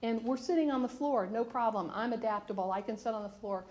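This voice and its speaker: A woman's voice: a little high, fast talker, a little mellow. A woman on a panel telling a self-mocking story about her work travels, laughing as she goes. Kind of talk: anecdote on a panel. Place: conference hall.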